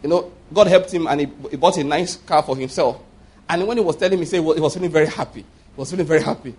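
A Nigerian man in his fifties preaches with a husky, slightly raised voice. He presses every point hard and keeps asking his listeners if they get it. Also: on the high side, fast, a little mellow. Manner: emphatic, keeps checking the congregation understands. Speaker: pastor. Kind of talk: sermon.

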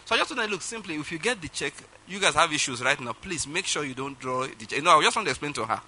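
A man's voice: a little high, lively intonation, fast talker, pushed and bright, rough recording. A man preaching a sermon, telling a personal story and acting out phone calls with laughter. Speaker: pastor.

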